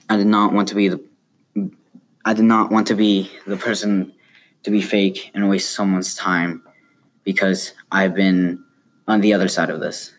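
A man from South America, a Spanish speaker with a light South American Spanish accent, reading a personal essay aloud in a plain, earnest way. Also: deep voice. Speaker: student.

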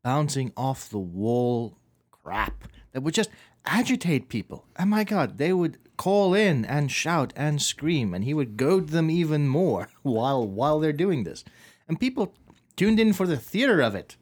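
Guy from south africa chatting on a podcast, lively stories, trips over his words a bit. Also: fairly high pitch, unhurried. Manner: lively storytelling, repeats words when starting. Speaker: podcast co-host. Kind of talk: casual chat.

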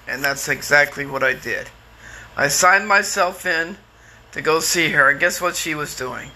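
A man's voice: a little high, measured pace, sharp tone. A middle-aged man telling his own story in a candid, rambling way, full of restarts and fillers. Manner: candid and plainspoken, sometimes swears. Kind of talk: casual personal storytelling.

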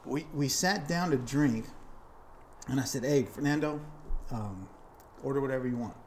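A man's voice: medium pitch, moderate pace, a little hiss or hum. A man co-hosting a podcast, telling a story in an upbeat, casual way. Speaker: podcast co-host.

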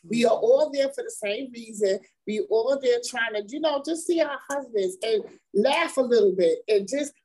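In a rough recording, a woman with a fairly high voice gives candid conversational testimony as the wife of an incarcerated man. She speaks emphatically, repeating words and laughing as she goes.

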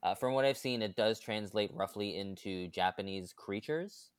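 A man co-hosting a podcast in a casual group chat, talking in a relaxed, rambling way with fillers. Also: fairly low pitch, moderate pace, clear, resonant tone, no room sound. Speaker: podcast co-host.

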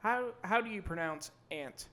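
Young man, bright joking voice. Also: sits high, expressive, moderate pace. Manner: joking, swears freely. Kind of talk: casual podcast chat.

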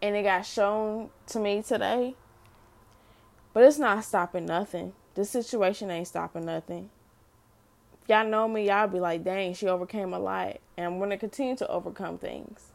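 A woman's voice: medium pitch, fairly even intonation, normal speed, gravelly. A middle-aged mother sharing an unscripted faith testimony, speaking earnestly to listeners and often repeating and restarting her phrases.

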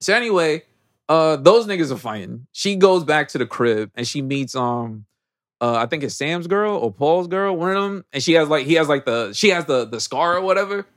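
A man with a slightly high voice recaps a movie on a podcast, talking loosely and full of slang. He keeps slipping into quick impressions of the characters as he tells the story. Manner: animated slangy storytelling, acts out characters' lines. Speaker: podcast co-host. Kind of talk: casual movie recap chat.

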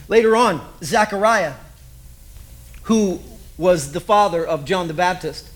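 Male pastor, high voice, conversational sermon, rhetorical questions.

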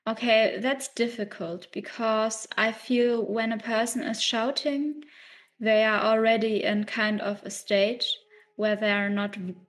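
A woman's voice: on the high side, little pitch movement, measured pace. A woman from Germany, a podcast co-host talking things through casually and laughing often.

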